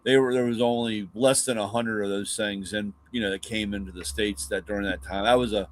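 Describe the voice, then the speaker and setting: A middle-aged man hosts a live car talk show, casually rambling through stories about old cars and his dad, swearing and acting out his dad's lines. His voice is fairly low and fairly quick, with fairly even intonation.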